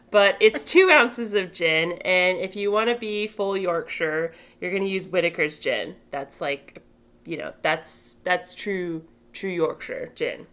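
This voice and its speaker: A woman's voice: mid-range voice, a bit bright. Giggly rambling podcast co-host woman. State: tipsy. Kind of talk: casual chat.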